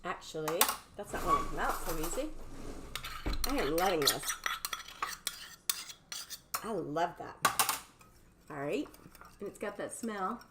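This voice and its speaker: A woman's voice: on the low side, wildly swooping pitch, measured pace, pauses often, heavy background noise. A bubbly, chatty woman hosts a live cooking stream from her home kitchen and talks to her viewers. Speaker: cooking livestream host.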